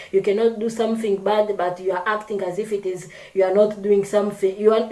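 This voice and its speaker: A woman's voice: medium pitch, warm tone. Echoey woman vlogger giving advice. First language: French. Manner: unscripted, repeats and corrects herself, acts out quoted examples. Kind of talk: casual advice talk to camera.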